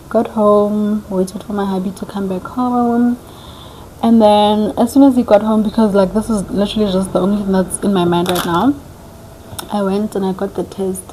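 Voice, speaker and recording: A young woman vlogger telling a story casually, chatty and animated, acting out what people said. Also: medium pitch, slight background noise, poor audio. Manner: animated, chatty, acts out quoted dialogue.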